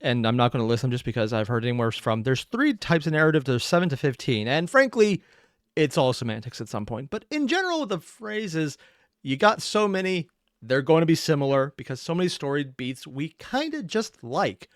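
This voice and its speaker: A man's voice: medium pitch, big pitch swings, fairly quick, no echo, studio quality. A man giving casual reaction commentary, rambling and opinionated with self-deprecating asides. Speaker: reaction streamer.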